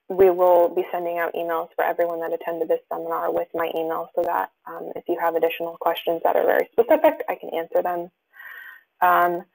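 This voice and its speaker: Gravelly low-voiced woman presenting a webinar. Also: low-quality recording. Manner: reads out questions then answers, many fillers and restarts. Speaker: webinar presenter answering audience questions. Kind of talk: live webinar Q&A.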